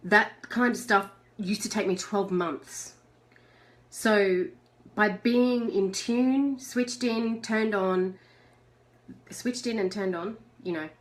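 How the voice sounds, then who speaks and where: A woman's voice: mid-range voice, takes it slowly. A middle-aged woman hosting a live video chat. She talks chattily, reads out viewer messages, and laughs often. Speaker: host.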